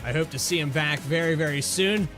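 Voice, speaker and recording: A male announcer wraps up a racing stream in a folksy, heartfelt way. His voice sits a little high, and music runs clearly underneath. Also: fairly quick. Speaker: broadcast commentator. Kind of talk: race broadcast sign-off. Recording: music playing behind the voice.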